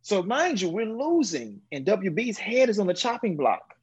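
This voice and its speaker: A man's voice: moderate pace, noisy background. A man around forty, a former pro quarterback, telling a long story as a podcast guest and acting out other people's words. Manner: animated, acts out quoted people with sudden high, loud bursts. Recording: dull lo-fi audio.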